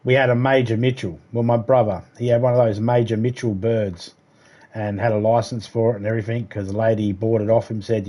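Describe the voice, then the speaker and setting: A man's voice: fairly low pitch, level tone, a little fast, mellow. An Australian man on a livestream telling rambling stories in a profane, sarcastic, casual way. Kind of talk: casual storytelling chat.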